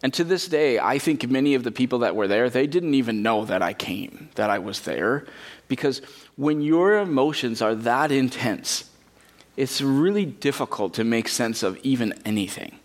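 A man's voice: mid-range voice, moderate pace. A man preaching a sermon in a church, talking casually and acting out quotes in character. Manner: conversational, animated, acts out quotes in character. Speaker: pastor.

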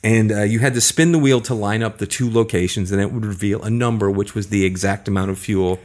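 A man hosting a retro games podcast in casual chat, telling stories in a jokey, animated way. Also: fairly low pitch, a little fast. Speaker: podcast host.

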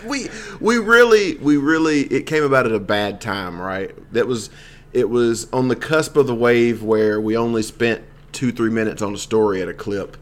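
A man's voice: medium pitch, normal speed. A man chatting casually about comedy films, making wry jokes and asides to his co-host. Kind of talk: casual chat about movies.

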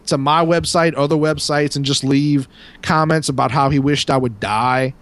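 A man's voice: on the high side, steady tone, normal speed, a bit bright. A man, co-hosting a casual podcast and telling a story in a rambling, self-interrupting way. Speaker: podcast co-host.

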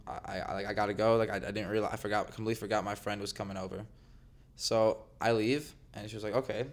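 A man's voice: on the low side, fairly even intonation, quick pace. A young man, a podcast guest, telling a dating story in casual chat with lots of filler words. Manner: rambling storyteller, many fillers.

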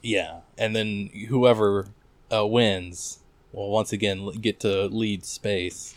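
A man's voice: lowish voice, fairly even intonation, slow pace, no room sound. Dry-voiced podcast co-host, man. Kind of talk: casual recap chat.

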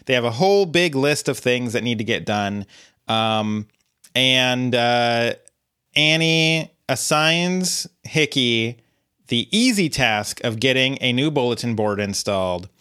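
A man's voice: medium pitch, expressive, slow, bright, forceful tone, smooth. A man co-hosting a podcast in casual chat, rambling through stories with lots of fillers and restarts. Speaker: podcast co-host.

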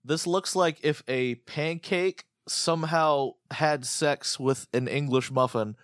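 An American man co-hosting a casual chat, brash and profane, ranting with animated energy. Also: fairly high pitch, slow, no echo, clean studio sound. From United States.

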